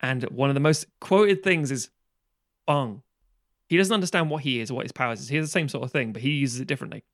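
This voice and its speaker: A man chatting casually on a podcast, retelling a film plot in a lively, sweary way and acting out the characters' lines. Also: medium pitch, racing, dry recording, studio quality.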